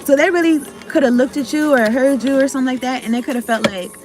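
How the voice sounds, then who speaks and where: A woman's voice: sits high, fast talker. A woman giving a casual tarot reading to her viewers, rambling, cutting herself off mid-thought and talking in slang with some swearing. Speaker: tarot card reader.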